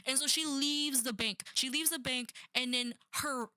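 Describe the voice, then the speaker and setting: A woman's voice: a little high, moderate pace, pushed and bright, dry recording, studio quality. A young woman rambling sarcastically through a book review, full of "like" and "um". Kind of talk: casual rant about a book.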